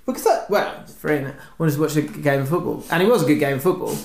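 A man co-hosting a podcast tells a long, meandering story in casual conversation, animated throughout and acting out shouts. His voice is on the high side, creaky, and very fast. The room is echoey with faint background noise.

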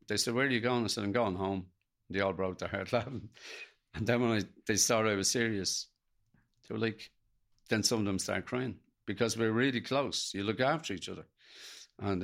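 A middle-aged Irish man tells an emotional story from his own life, pausing and restarting as he quotes what others said. His voice sits on the low side with a gravelly fry. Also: a bit bright. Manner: gravelly, halting, retells dialogue in quotes. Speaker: guest.

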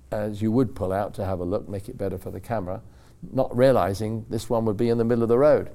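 Man, low-pitched, mellow, rambling anecdotes. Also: fast. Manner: rambling, animated storytelling with acted-out quotes. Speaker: racing driver telling stories. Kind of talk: casual anecdote.

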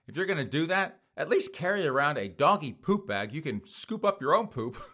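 Male commentary host, bright tone, sarcastic, mocking delivery. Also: medium pitch. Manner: mocking, sarcastic, chuckles often; addresses listeners as folks. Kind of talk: casual news commentary.

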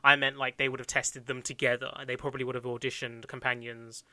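A man co-hosting a podcast in casual chat, quick and animated, laughing often. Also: mid-range voice, no echo. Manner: fast, laughing, animated storytelling. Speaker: podcast co-host.

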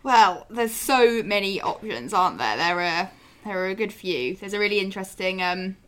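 A woman's voice: mid-range voice, expressive, moderate pace, fairly bright tone. A woman co-hosting a casual political chat podcast, with wry, dry understatement. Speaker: podcast co-host.

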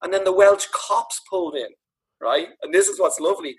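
Casual storytelling comes from an Irish podcast guest and author with a Dublin accent, his high voice slightly rough and a little fast. The recording is low quality, and he laughs, swears, and gets animated describing his dad's antics.

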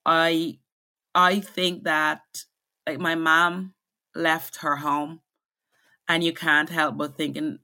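A young woman raised in the Caribbean is a guest in a conversational interview, speaking candidly and reflectively with many restarts. Her low voice is bright and forceful, with a steady tone and an unhurried pace.

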